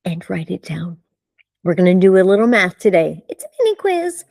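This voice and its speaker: A woman coaching a live online session on speaking, animated and emphatic, asking rhetorical questions and slowing down for emphasis. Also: lowish voice, vocal fry, dry recording, studio quality.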